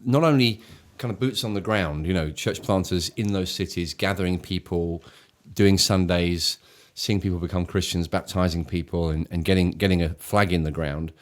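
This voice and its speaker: A man's voice: sits low, fairly even intonation, moderate pace, few pauses. An English church leader co-hosting a casual talk show, speaking enthusiastically and often restarting his sentences. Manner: enthusiastic, searching for words with frequent restarts.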